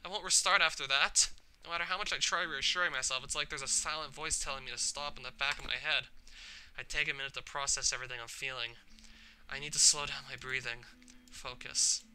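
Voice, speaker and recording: A man's voice: mid-range voice, steady tone, fairly quick, bright, forceful tone, slight background noise. A man reading aloud as a troubled, shy teenage girl from a visual novel, emotional, his voice climbing into cries. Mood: brooding.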